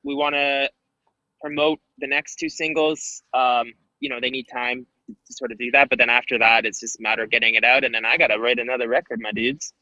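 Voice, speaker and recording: A man's voice: medium pitch, fairly even intonation, a little fast, sharp tone, no echo, muffled recording. A man guest on a casual podcast, talking about his music in a rambling, laid-back way with lots of fillers.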